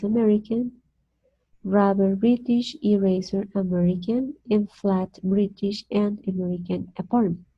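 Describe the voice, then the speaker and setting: A Colombian woman, a native Spanish speaker, teaching an online English class slowly and carefully, repeating words for her students. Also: medium pitch, warm tone. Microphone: video call. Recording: dull lo-fi video call audio.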